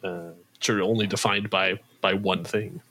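A man's voice: deep voice, level tone, normal speed, sharp tone. A man, the writer and creator of an audio drama, chatting on a podcast in a thoughtful, rambling way. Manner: thoughtful, rambling, trails off and restarts. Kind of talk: casual podcast chat.

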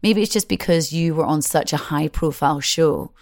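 A woman's voice: low-pitched, normal speed, a little mellow, no room sound, clean studio sound. A middle-aged woman from Scotland with a Glaswegian accent, chatting at length and a little self-deprecating as a presenter being interviewed. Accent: Glaswegian Scottish. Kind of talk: casual interview chat.

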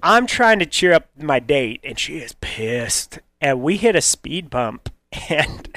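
A man with a fairly high voice tells a dating story on a radio show, laughing as he goes and jumping into silly voices. The recording is dry and close to the mic. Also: very animated, unhurried, pushed and bright, no room sound.

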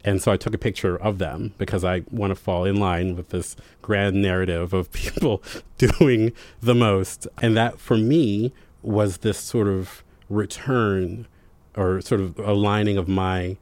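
A young man telling a personal story in conversation, animated and self-deprecating, breaking into voices of other people. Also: low voice, no room sound. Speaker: guest.

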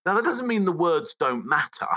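A man's voice: sits high, normal speed. A man being interviewed on a podcast, explaining his field in an emphatic, step-by-step way. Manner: emphatic, animated explainer who breaks ideas into steps. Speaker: body language expert guest.

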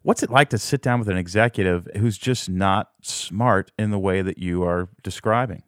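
A man's voice: low voice, moderate pace, smooth, no room sound, clean studio sound. A man hosting an interview, asking conversational questions and quoting from the guest's book. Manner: conversational, reads quotes from the book. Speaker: interview host.

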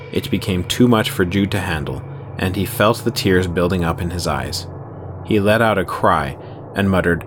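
A man narrating a horror story in steady, measured storytelling. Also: sits low.

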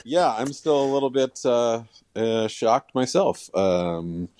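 A man's voice: medium pitch, expressive, takes it slowly, a little mellow, no echo. A man appearing as a sportswriter guest on a podcast, rambling and self-mocking in casual chat.

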